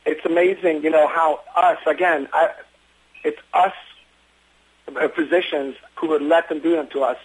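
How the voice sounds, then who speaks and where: A man who works as an emergency physician, telling stories in an interview with earnest, quick talk and frequent restarts. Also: fairly high pitch, steady tone, breathy edge, poor audio. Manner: fast, earnest storytelling with many restarts. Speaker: emergency physician running an urgent care. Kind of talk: interview conversation.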